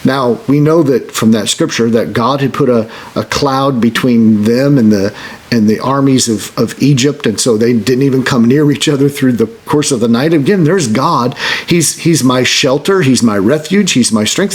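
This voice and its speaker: A man preaching a sermon as pastor, earnest, restarting phrases and slowing down on scripture. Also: medium pitch, breathy edge. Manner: earnest, repeats words when starting a phrase.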